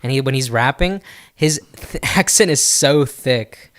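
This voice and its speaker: A man's voice: mid-range voice, animated, measured pace, fairly bright tone. A man co-hosting a casual podcast, opinionated and breaking into bits of song as he talks. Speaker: podcast co-host. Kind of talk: casual chat.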